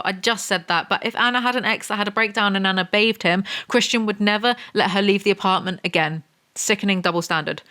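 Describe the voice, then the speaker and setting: A woman's voice: mid-range voice, fast talker, bright, forceful tone. A woman reviewing a romance novel in a comedic rant, reading passages aloud and mocking them with sarcastic asides. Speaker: book reviewer.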